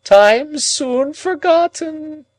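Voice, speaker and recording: A man's voice: sing-song, takes it slowly, no room sound, full character voice, low-quality recording. Miss Havisham, a shrieking old woman, voiced by a man. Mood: moaning. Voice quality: high, strained, wailing. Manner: moaning, dragged-out lament. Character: old anguished jilted woman, wild and shrieking. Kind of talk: audiobook character reading.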